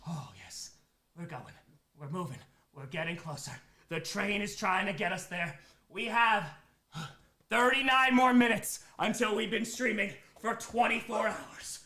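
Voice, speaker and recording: A man's voice: sits high, measured pace, sharp tone, echoey room. A worn-out man streaming for a whole day, thanking donors one by one and swinging between hype and tired mumbling. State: exhausted after a day awake. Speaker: streamer reading out donations. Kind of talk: live charity stream chat.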